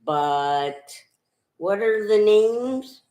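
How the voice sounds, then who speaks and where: A woman's voice: mid-range voice, animated, drawn-out words, mellow. A middle-aged woman co-hosting a casual livestream, making dry remarks. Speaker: co-host, host's wife. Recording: echoey room.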